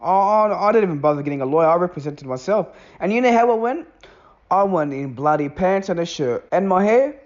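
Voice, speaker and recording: A man's voice: sits high, lively intonation, brisk. A man telling a rambling comic story about himself, swearing casually and repeating words as he goes. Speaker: animated storytime narrator. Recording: dull lo-fi recording.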